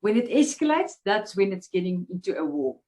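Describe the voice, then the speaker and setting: A woman's voice: medium pitch, sing-song, fairly quick, mellow. A woman hosting an interview, chatting casually and affirming her guest encouragingly. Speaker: interview host.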